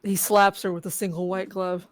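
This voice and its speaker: A woman's voice: mid-range voice, little pitch movement, normal speed. A woman co-hosting a game stream, reading out the story text with joking asides. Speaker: co-host. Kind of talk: playing a text adventure game. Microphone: desk microphone at home.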